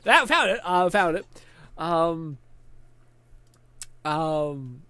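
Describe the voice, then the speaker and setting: A male streamer chats casually with a lively, slightly high voice, laughing often. He sounds sweaty and tired after streaming a long time. The sound is dry and close. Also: drawn-out words, clear, resonant tone, no room sound. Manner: chatty and giggly, thinking aloud. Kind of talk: casual live-stream chat.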